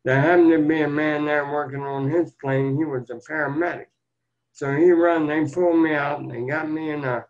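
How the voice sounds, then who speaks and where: This older man, a motivational speaker appearing as a guest, tells his life's story with folksy, earnest plainness. His voice is gravelly and sits at a medium pitch, captured on a dull, lo-fi recording.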